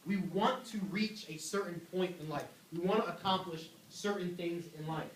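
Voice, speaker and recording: Young male youth pastor, animated and joking, high voice, heard from afar. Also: moderate pace, distant mic, a little hiss or hum. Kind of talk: youth sermon. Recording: echoey room, voice from afar.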